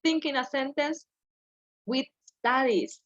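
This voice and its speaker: A woman's voice: sits high, takes it slowly, highs cut off. A woman teaching an English class over a video call, patiently correcting her students step by step.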